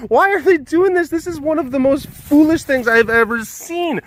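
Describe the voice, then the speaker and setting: A man putting on the voices of gossiping townspeople in a retold fable, shrill and indignant. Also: moderate pace, a little hiss or hum. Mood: scornful. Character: judgmental gossiping townsfolk, scornful.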